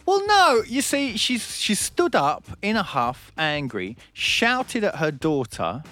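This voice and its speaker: A man hosting a comedy radio show spins a cafe anecdote in animated, bantering chat. His pitch rises and falls widely, and he laughs often. Faint music plays under the talk. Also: slow. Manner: animated storytelling, frequent laughs.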